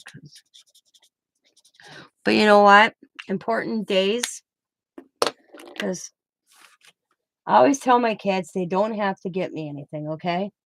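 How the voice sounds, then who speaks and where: A woman's voice: medium pitch, gravelly, slight background noise, poor audio. A middle-aged woman hosting a crafting live stream, chatting in a rambling, emotional way and trailing off mid-sentence. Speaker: craft channel host. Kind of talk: casual live-stream chat.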